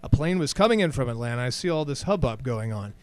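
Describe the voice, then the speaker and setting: A man co-hosting a casual chat, telling stories in an animated way and acting out his own starstruck reactions. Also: mid-range voice, quick pace. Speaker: radio show co-host.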